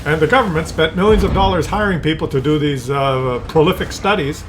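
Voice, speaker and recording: Over a game replay, a man from Canada tells a rambling story with plenty of chuckles and mock voices for others. He speaks fairly quickly in a fairly high voice against a noisy background.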